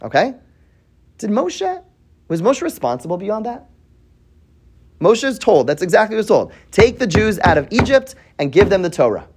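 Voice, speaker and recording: Animated man teaching a Torah class. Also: high-pitched, normal speed, pauses often, breathy edge. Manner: asks the class questions, thinks aloud with restarts. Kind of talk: weekly Torah portion class.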